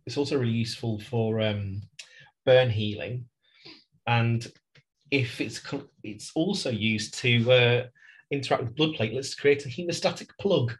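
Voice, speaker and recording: A man's voice: mid-range voice, moderate pace. A man co-hosting a casual TV rewatch podcast, chatty and prone to laughing while he explains facts. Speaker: podcast co-host. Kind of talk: casual chat with trivia segment.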